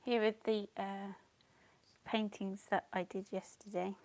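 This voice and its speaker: A woman's voice: mid-range voice, flat delivery, measured pace, a little mellow. A woman chatting casually on a live stream at home, greeting viewers by name and giggling as she paints. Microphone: clip-on mic.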